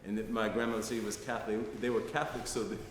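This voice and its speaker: Rapid-fire and flat in delivery, this middle-aged American man has a fairly low-pitched voice. He is a guest lecturer in a lecture hall, telling personal stories conversationally before a live crowd and often tagging lines with "right?". Faint noise sits under an echoey room sound.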